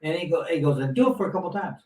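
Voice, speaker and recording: Here a fifty-something ex-boxer races along in a voice on the high side, telling a long, easygoing tale that keeps restarting and detouring. His manner is lively and meandering. Faint noise and a roomy, distant-mic sound color the recording.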